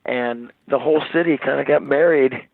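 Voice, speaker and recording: A man, a rock singer as interview guest, telling stories in a rambling, animated way with many restarts, over the phone. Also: mid-range voice, moderate pace, gravelly, no room sound. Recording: tinny dry phone line.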